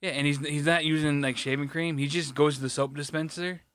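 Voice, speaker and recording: Slightly high, blunt, cursing man. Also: fairly even intonation, a little fast, a bit bright, dry recording, studio quality. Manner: profane storytelling, blunt. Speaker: podcast co-host. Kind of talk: crude casual chat.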